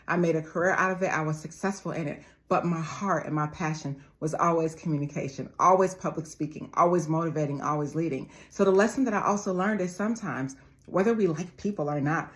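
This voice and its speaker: A woman's voice: deep voice, fairly quick. A woman in her forties giving a motivational talk, preaching with repeated phrases and calling her listeners family. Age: 40s. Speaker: motivational speaker.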